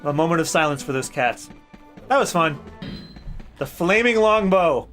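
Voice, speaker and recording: A man's voice: a little high, lively intonation, moderate pace, fairly bright tone, soft background music. A man hosting a let's play, giving casual, joking and sarcastic gameplay commentary. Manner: joking, sarcastic, swears freely.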